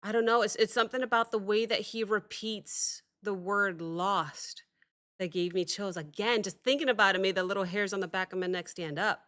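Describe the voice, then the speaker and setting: Woman doing a music reaction, bright voice, gets excited and keeps saying sorry. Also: mid-range voice, normal speed. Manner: excitable, apologetic, thinks aloud. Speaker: reaction video host. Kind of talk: casual reaction commentary.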